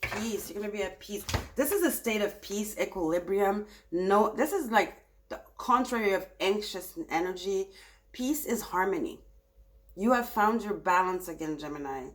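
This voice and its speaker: A woman giving a casual tarot reading, speaking softly and soothingly and turning animated when she gets excited. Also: medium pitch, moderate pace. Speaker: tarot reader.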